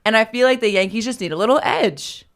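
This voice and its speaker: A woman co-hosting a podcast in casual chat, playful and quick with jokes and asides. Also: a little high. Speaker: podcast co-host.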